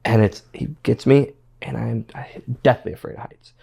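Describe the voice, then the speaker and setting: A man's voice: medium pitch, steady tone, normal speed, gravelly, mellow, husky. A man, a former pro wrestler, telling stories as a guest in a casual interview, rambling and repeating words as he quotes others.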